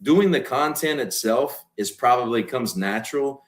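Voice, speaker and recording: Speaking mid-range at a normal speed, this Cajun-accented Louisiana man in his 40s, a comedian and content creator, guests on a podcast. His casual storytelling is animated, with quotes acted out loudly.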